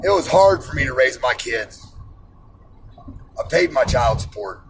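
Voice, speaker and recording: A man's voice: medium pitch, expressive, measured pace, background noise. A man in his forties who works in iron, ranting bluntly and profanely about money and personal responsibility. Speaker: iron worker ranting on camera.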